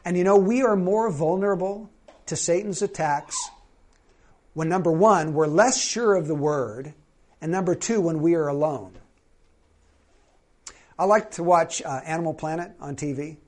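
A man with a high-pitched voice preaches a sermon in a church. He talks conversationally and keeps putting questions to the congregation. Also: moderate pace, long pauses, a little mellow. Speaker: pastor.

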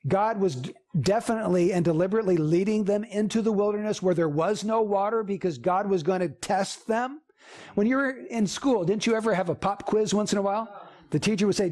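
A man's voice: high voice, brisk, darkish tone. A man preaching a sermon as pastor, earnest and emphatic, with repeated phrases.

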